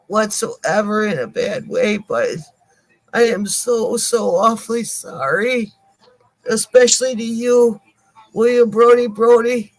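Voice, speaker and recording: An older woman co-hosting a live stream, apologizing to viewers in halting speech with many pauses and repeated words. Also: on the high side, poor audio.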